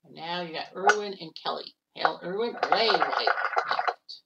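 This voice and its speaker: A woman casually calling the shots in a golf video game, chatty and quick to blurt out exclamations. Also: on the low side, gravelly, dull audio. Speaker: game commentator. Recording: distant mic with loud background noise.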